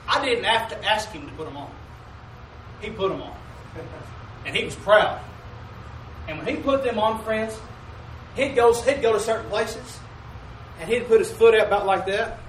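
High-voiced preacher in an echoey church. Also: male voice, expressive, a bit bright, far from the mic, a little hiss or hum. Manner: preaching call-and-response, asking "Amen?"; drawls mock King James commandments slowly. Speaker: pastor. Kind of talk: sermon. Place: church sanctuary.

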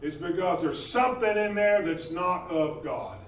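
A man preaching a sermon in a church, impassioned, swinging between loud emphasis and quieter stretches. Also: high-pitched, animated, unhurried, slight background noise. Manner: impassioned, rising and falling in emphasis. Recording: echoey room from a distance.

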